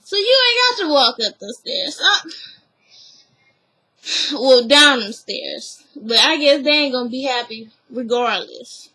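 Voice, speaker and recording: A woman chatting through a casual episode recap, telling the story in a chatty way with drawn-out asides. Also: high-pitched, sharp tone, low-quality recording. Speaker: reality show recapper.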